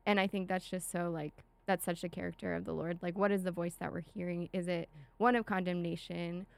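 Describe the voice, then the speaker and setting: A young woman pastor, a guest on a faith podcast, speaking gently and reflectively with many likes and ums. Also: on the low side, fairly even intonation, brisk, creaky, clean tone. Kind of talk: casual faith podcast chat.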